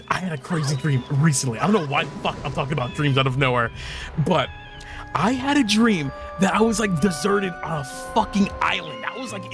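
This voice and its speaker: Male streamer, slightly high voice, profane storyteller, faint game music under him. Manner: profane, animated storytelling with laughs and put-on quotes. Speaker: livestreamer playing a video game. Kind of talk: casual gameplay chat. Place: home apartment at night.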